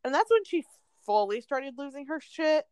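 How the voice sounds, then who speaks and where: A young woman gossiping in a casual chat, full of "like" and quick asides. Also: high voice, very animated, darkish tone, no echo. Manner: chatty, lots of "like", laughs often.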